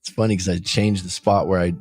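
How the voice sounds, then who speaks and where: A man hosts a coaching show as a loose livestream from a room abroad beside street windows, rambling, cracking jokes and reading viewer comments aloud. His low voice is fast and steady, with a darkish tone.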